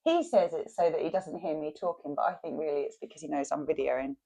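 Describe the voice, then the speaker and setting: A woman's voice: low-pitched, fast, vocal fry, mellow, husky. A woman chatting casually as she cooks at home for her vlog. She is homely and laughs often. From England. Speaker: vlogger. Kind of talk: casual chat while cooking.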